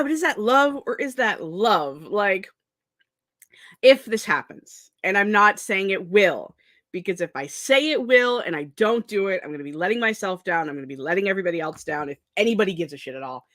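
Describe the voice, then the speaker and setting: A sleep-deprived young woman laughs often as she chats on a productivity stream, rambling in a scattered, self-mocking way. She speaks at normal speed in a mid-range, expressive, slightly bright voice, and the studio-quality recording is dry.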